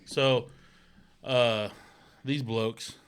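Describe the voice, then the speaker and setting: A man at an ordinary mid pitch tells a story in casual podcast chat. He rambles, restarts, swears freely and laughs often. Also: fairly even intonation, extremely slow, a little hiss or hum.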